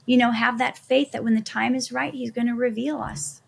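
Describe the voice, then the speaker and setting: Woman guest, middle-aged, slightly high, breathy, earnest storyteller. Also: fairly even intonation, normal speed. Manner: earnest, faith-focused storytelling. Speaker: guest actress. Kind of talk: conversational interview.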